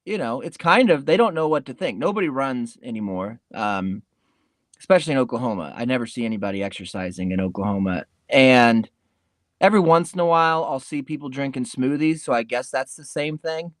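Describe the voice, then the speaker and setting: A man's voice: mid-range voice, animated, brisk, no echo. A man rambles through a comedy podcast monologue in a laid-back way and drops casual swears. His voice sits in a middle range, and the recording is dry, with no room sound. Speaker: podcast host.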